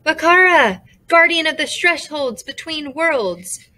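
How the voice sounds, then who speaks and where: A woman's voice: on the high side, takes it slowly, a bit bright, voice pushed up. A woman voicing a bossy, snappish male bird companion who announces and gives orders. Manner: commanding, snappy.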